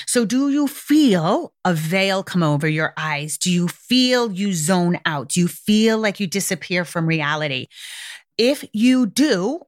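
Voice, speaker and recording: A woman hosting an advice podcast, speaking at a middling pitch. Her delivery is frank and casual, with frequent swearing. She keeps asking the listener direct questions, sometimes speeding up and sometimes slowing down. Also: dry recording, clean studio sound. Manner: frank and blunt, swears freely, coaching tone; asks many direct questions, speeds up and slows down. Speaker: podcast host giving parenting advice.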